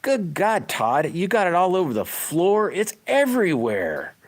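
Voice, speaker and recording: A fed-up wife scolding her husband, as a man puts her on, her voice pitched well above his own. It sounds high and incredulous, a mock-scolding imitation. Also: big pitch swings, measured pace, exaggerated voice. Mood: exasperated.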